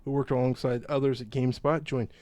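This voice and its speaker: A man co-hosting a gaming podcast in casual chat, reading headlines and riffing on them with jokes. His voice sits at an ordinary middle pitch. The sound is dry and close, with no room around it. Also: steady tone, fast talker, warm tone, no room sound. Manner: joking, reads headlines and riffs on them. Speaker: podcast co-host.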